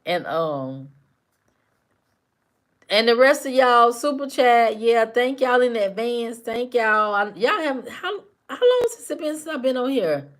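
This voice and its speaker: A woman's voice: fairly high pitch, big pitch swings, a little slow. A woman hosting a casual live stream, talking back to her chat commenters by name with teasing, repetitive banter.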